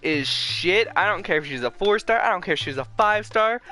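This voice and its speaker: A young man streaming a game, rambling excitedly with lots of fillers in casual commentary. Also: high-pitched, a little fast, faint music behind.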